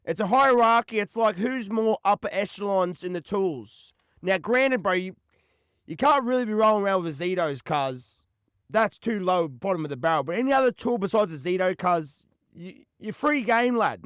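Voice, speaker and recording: A man's voice: sits high, lively intonation, normal speed, a bit bright, clean tone, no echo, studio quality. A young Australian man hosting a call-in podcast, rambling in slang and ending lines with "cuz" and "bro.". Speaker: podcast host. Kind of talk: casual chat answering callers.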